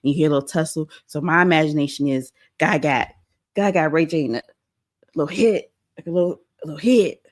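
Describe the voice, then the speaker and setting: Low-voiced woman hosting pop-culture commentary. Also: brisk. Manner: animated, opinionated, talks straight to viewers. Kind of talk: casual commentary on a clip.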